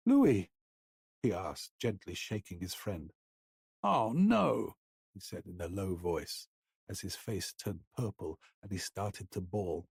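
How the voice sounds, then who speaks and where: A male narrator voicing a terrified young boy who cries and wails his pleas in a high, breaking voice. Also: lively intonation, a little slow, vocal fry, husky, no echo, studio quality, heavily acted. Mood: sobbing. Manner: crying, repeating pleas in a high wail.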